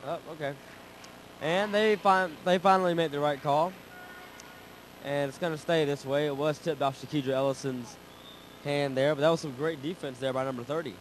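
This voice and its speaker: A young man calling a high school girls basketball game, jokey and growing excited on big plays. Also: normal speed, a little hiss or hum, low-quality recording. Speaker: play-by-play commentator. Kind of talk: sports commentary.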